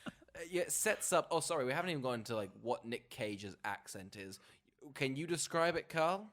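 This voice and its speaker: A man co-hosting a casual podcast, relaxed and joking, often laughing. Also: mid-range voice, fairly quick. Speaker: podcast co-host. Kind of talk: casual chat.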